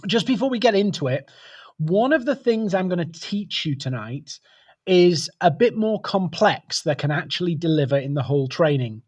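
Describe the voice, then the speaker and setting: A man's voice: fairly high pitch, breathy edge, highs cut off. A man hosting a live webcast, chatting casually and greeting viewers by name. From United Kingdom. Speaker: webcast host.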